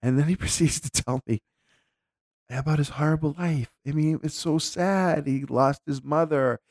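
A man's voice: on the high side, moderate pace, darkish tone, no room sound, clean studio sound. A man talking casually and candidly, reflecting aloud as he tells a personal story with frequent restarts.

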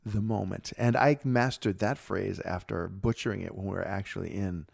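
A man co-hosting a podcast, chatting casually and telling animated stories with frequent laughter. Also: low voice, moderate pace, creaky. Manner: animated storyteller, laughs often. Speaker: podcast co-host. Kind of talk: casual chat.

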